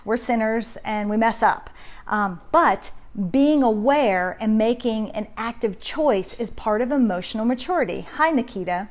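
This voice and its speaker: A middle-aged woman hosting a parenting live stream from home on her phone, talking conversationally and greeting viewers by name as she teaches. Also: a little high. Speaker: parenting group host. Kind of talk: casual live-stream talk.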